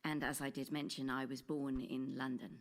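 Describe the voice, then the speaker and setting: A woman's voice: extremely low pitch, little pitch movement, normal speed. An actress playing a proper, earnest young Elizabethan woman at a consultation, speaking in formal old-fashioned phrasing. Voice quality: formal archaic diction. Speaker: patient at a consultation.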